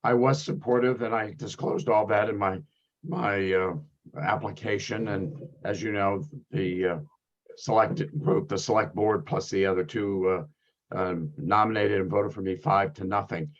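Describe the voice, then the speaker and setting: A man with a hoarse, scratchy voice, calmly explaining his position as a workgroup member on a video call. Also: on the low side, measured pace, highs cut off.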